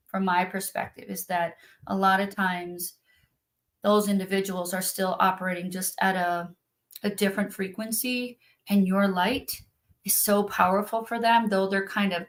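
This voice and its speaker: A woman's voice: medium pitch, a bit bright. A woman speaking earnestly and from the heart in a casual conversation, as a spiritual practitioner on a video call.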